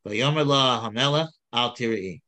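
A man of middle pitch leads a casual text study. He reads passages aloud, then explains them in loose, halting sentences full of restarts. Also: sharp tone. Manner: halting, with many restarts and fillers. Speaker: Torah teacher.

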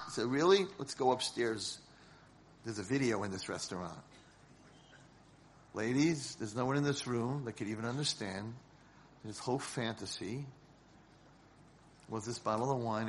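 A man giving a sermon as a rabbi, telling a story dramatically and swinging from hushed lines to shouted ones. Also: mid-range voice, animated, moderate pace, long pauses.

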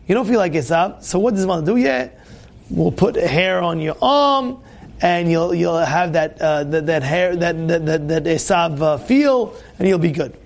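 A man giving an informal Torah talk to young listeners, animated and repetitive, full of fillers and restarts. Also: fairly high pitch, normal speed, few pauses. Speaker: Torah teacher.

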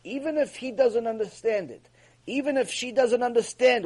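A man with a fairly high, husky voice delivers a Torah lecture. He speaks emphatically, repeating his points and asking one rhetorical question after another. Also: normal speed, a little mellow. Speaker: Torah teacher. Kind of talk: mussar lecture.

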